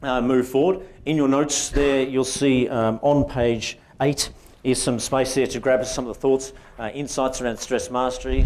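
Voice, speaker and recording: A man's voice: lowish voice, a little mellow, a little hiss or hum. A man with an Australian accent giving an interactive workshop presentation to a conference audience, often putting questions to the room.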